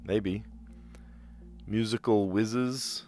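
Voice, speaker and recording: A man's voice: on the low side, steady tone, drawn-out words, darkish tone. A man casually thinking aloud as he reads puzzle clues and works through answers, with frequent restarts. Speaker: streamer playing word puzzles.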